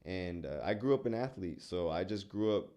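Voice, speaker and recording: Young male musician guest from San Antonio, very deep voice, earnest and reflective, loose with fillers. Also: expressive, moderate pace, dark tone. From San Antonio, Texas. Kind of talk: casual interview chat.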